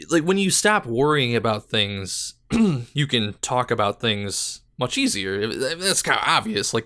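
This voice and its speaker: A man's voice: medium pitch, sharp tone, no echo, studio quality. A young man hosting a casual solo podcast, rambling with lots of fillers and a little out of breath. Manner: rambling, filler-heavy, self-deprecating. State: slightly out of breath. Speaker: podcast host and gaming YouTuber.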